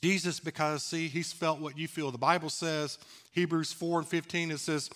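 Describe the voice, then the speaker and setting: Candid pastor preaching, slightly high voice. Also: male voice, flat delivery, normal speed, fairly bright tone. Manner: candid, conversational, laughs at himself. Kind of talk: sermon. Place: church sanctuary.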